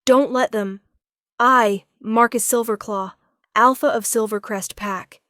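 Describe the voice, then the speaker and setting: A man's voice: sits high, flat delivery, unhurried, fairly bright tone, clear, resonant tone, dry recording, studio quality. A woman voicing a grieving male wolf alpha who speaks formal ritual words while breaking. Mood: anguished.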